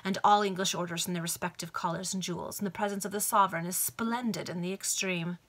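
A woman voicing a haughty aristocratic Victorian duchess in a read-aloud storybook, in a clear, bright voice. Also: lowish voice, steady tone, fast talker. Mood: proud. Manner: proud, gossipy.

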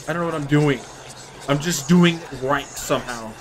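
A man's voice: medium pitch, normal speed, background noise. A young man commenting while playing a horror game, jumpy and joking, often gasping and exclaiming. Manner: jumpy, exclaims "oh" a lot, jokey. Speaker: gaming YouTuber.

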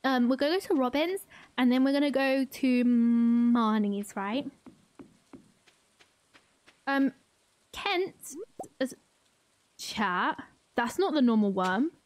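Brief: excitable woman streamer, high voice, slow chatty delivery, giggles often. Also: slight background noise. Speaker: game streamer. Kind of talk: live gameplay commentary.

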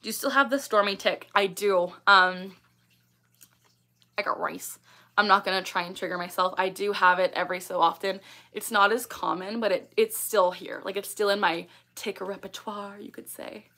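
Bright-voiced young woman chatting on a livestream. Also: medium pitch, steady tone, normal speed. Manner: chatty, many ums and likes, laughs often. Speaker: livestream host. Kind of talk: casual livestream chat reading comments.

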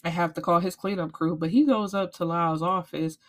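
A woman's voice: on the low side, fairly quick. Blunt, profane woman recapping a book. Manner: blunt, profane, animated storytelling. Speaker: book reviewer.

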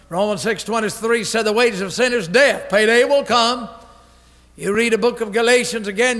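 A pastor preaching a fiery revival sermon, forceful, stern and emphatic, from an old radio broadcast. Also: male voice, very high-pitched. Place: church sanctuary. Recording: reverberant church hall on old radio broadcast.

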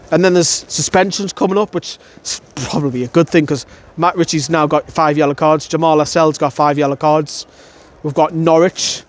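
A young man from North East England, giving an angry, blunt fan reaction outdoors by a stadium, swearing and repeating himself. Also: fairly high pitch. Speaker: fan channel presenter. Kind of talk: post-match fan reaction. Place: outdoors outside a stadium, wet weather.

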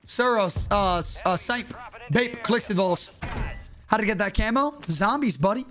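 Excitable high-voiced male game streamer. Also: a little slow, background noise. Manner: excitable, trash-talking, slangy. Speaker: gaming streamer. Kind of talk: live game stream commentary.

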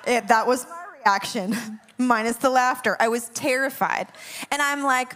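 A woman worship leader telling a funny dream story, animated and dramatic, laughing as she goes. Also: on the high side, moderate pace. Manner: animated, laughing often, dramatic self-mocking asides. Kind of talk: humorous dream storytelling to a class.

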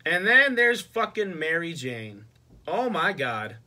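A man's voice: a little high, very animated, takes it slowly, bright, forceful tone. A young man ranting casually and profanely in a movie review vlog, exasperated. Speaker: vlogger.

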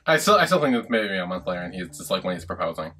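Animated man reacting with bright voice. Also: low voice, racing, slightly rough. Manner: animated, swearing, laughing asides. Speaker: reaction video host. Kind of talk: casual reaction commentary.

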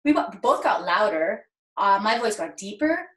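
A woman's voice: mid-range voice, big pitch swings, normal speed, fairly bright tone. A young woman leading a drama workshop for kids from home, upbeat and encouraging. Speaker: acting teacher. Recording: echoey home room.

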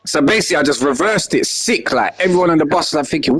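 A young man telling a story casually, animated and slangy, acting out what was said. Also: a little high, fast talker, few pauses, slightly rough. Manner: animated, slangy, acts out his own lines loudly.

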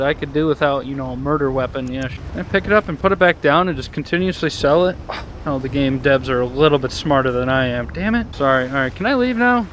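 High-voiced, excitable man yelling over game noise. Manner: excitable, profane trash talk at game enemies. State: out of breath at times. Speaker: gaming video host. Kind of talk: VR gameplay commentary.

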